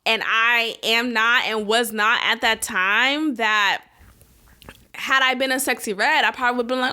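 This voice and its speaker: A woman host talks through her take in a loose, candid commentary style and laughs easily. Her voice sits a bit high and comes across very bright and clear. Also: a little slow. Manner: blunt, frank and laughing. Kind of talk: casual opinion commentary.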